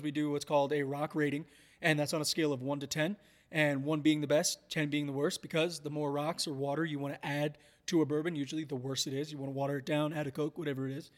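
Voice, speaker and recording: A chatty podcast host, a man whose voice sits a little high. He hedges and restarts as he talks things through. The sound rings with a long hall reverb. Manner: chatty, hedging, many restarts. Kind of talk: casual chat.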